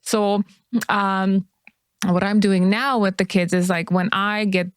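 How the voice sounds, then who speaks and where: A woman's voice: mid-range voice, fairly even intonation, slow, clear, resonant tone, no room sound, studio quality. A woman co-hosting a podcast, speaking frankly and emphatically in casual chat.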